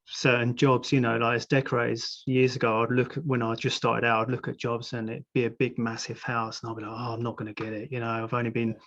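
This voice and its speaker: A man's voice: mid-range voice, little pitch movement, fast talker, few pauses, a bit bright, muffled recording. Man hosting a casual chat. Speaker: host.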